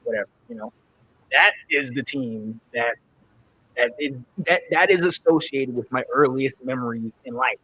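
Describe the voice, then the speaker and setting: A man in his forties from North Carolina, co-hosting a podcast, telling animated sports stories in a casual chat with frequent repeated words. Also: medium pitch, normal speed, husky. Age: 40s. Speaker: podcast co-host.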